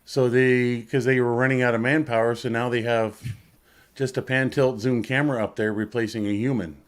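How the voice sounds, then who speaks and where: A man's voice: medium pitch, level tone, normal speed. A man telling stories as a guest in a casual group chat, rambling and laughing often. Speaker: guest on a livestream.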